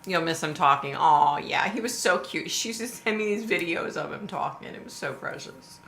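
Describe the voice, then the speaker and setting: A woman's voice: sits low, animated, normal speed, a bit bright. A middle-aged woman, hosting a casual livestream and chatting sympathetically with viewers she greets by name. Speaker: livestream host. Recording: echoey room with faint noise.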